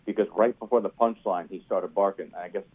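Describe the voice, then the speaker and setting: Fast-talking comedian man from New York. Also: deep voice, fairly even intonation, slightly rough. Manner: quick, storytelling, self-deprecating. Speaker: stand-up comedian guest. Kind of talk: casual interview chat. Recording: tinny phone-like sound.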